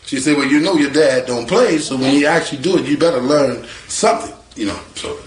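Animated man telling a story. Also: a little high, brisk. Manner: animated, acts out quoted voices, laughs. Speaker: storyteller guest. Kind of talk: casual spoken storytelling. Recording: echoey room with guitar music.

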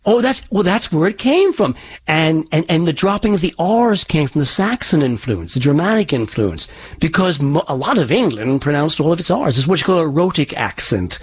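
A man with an Irish-tinged accent answers interview questions as a dialect coach. His voice is husky and a bit high-pitched. He explains in a halting way and often restarts his sentences. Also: big pitch swings.

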